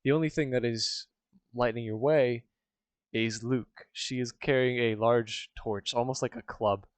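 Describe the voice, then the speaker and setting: A man narrates a tabletop game as game master, rambling casually and filling pauses with ums and uhs. His voice is smooth and clear, and it sounds dry and close. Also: medium pitch, steady tone, no room sound. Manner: casual, rambling, many fillers.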